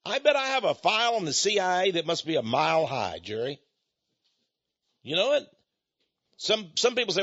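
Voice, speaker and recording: Husky older male preacher, lively pitch. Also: moderate pace, pauses often. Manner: rambling, folksy, chuckling asides. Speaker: preacher with a ministry. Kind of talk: folksy sermon monologue. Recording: dull lo-fi recording.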